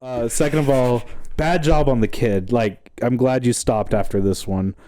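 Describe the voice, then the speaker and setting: A man's voice: medium pitch, fairly even intonation, moderate pace, warm tone. A young man co-hosting a podcast, casual chat, joking and crude, with many fillers. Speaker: podcast co-host.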